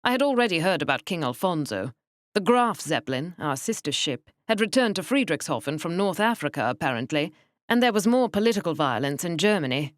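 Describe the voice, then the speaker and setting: A woman narrating an audiobook in a measured, wry first-person manner. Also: lowish voice, big pitch swings, no room sound, clean studio sound.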